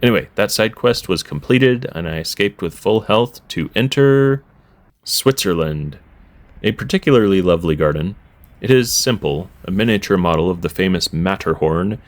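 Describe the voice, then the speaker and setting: A young man narrating a history vlog in a dry, deadpan style. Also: sits low, normal speed. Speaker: history vlogger.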